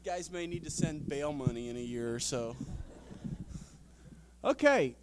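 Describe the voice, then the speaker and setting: A man leading a retreat seminar, casually reading a children's story aloud to a crowd, halting and self-deprecating with many fillers. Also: fairly high pitch, expressive, slight background noise. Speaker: retreat speaker.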